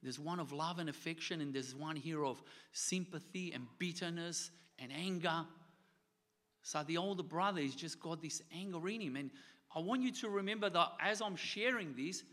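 A man with a fairly high, bright voice delivers a sermon to his congregation. He is earnest, repeats himself for emphasis and poses rhetorical questions. His voice rings out with a long reverb in a large hall. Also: moderate pace. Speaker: preacher. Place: church hall.

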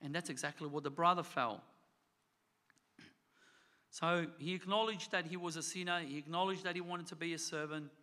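A man's voice: a little high, fairly even intonation, moderate pace, long pauses, pushed and bright. A man preaching a sermon to his church. He talks earnestly, repeats phrases and asks the congregation rhetorical questions. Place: church hall. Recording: long hall reverb.

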